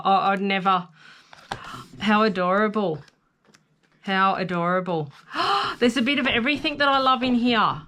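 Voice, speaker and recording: A woman presenting a casual craft haul video, gushing and excitable as she shows off her finds. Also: medium pitch, a little hiss or hum. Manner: gushing, excitable, gasps and coos over paper. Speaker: craft vlogger.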